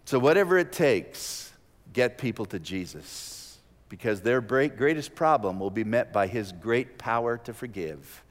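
A man preaching a sermon, rising to loud emphatic peaks and dropping to soft, slow prayer. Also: mid-range voice, expressive. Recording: long hall reverb.

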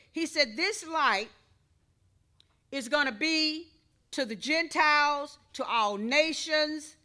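A woman pastor delivers a sermon in a high, bright voice. She speaks slowly and deliberately, leading prayer and then teaching with call-and-response.

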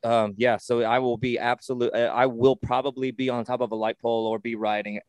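A man co-hosting a podcast in casual sports chat, rambling and excitable with lots of swearing and restarts. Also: medium pitch, fairly quick, dry recording. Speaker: podcast co-host.

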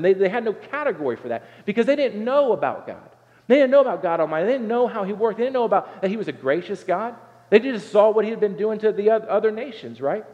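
A pastor from Southern Ohio preaches a sermon in a fairly high, darkish voice, earnest and conversational. He often pauses to ask "right?" and restarts phrases, and the recording sounds dull with long hall reverb.

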